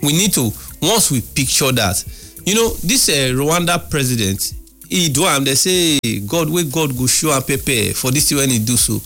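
A man with a Nigerian accent telling a story in a casual chat, animated and mocking. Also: medium pitch, normal speed, soft background music.

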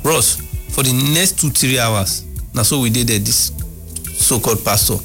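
A man with a Nigerian accent telling a story in a casual chat, animated and mocking. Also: mid-range voice, normal speed, faint music behind.

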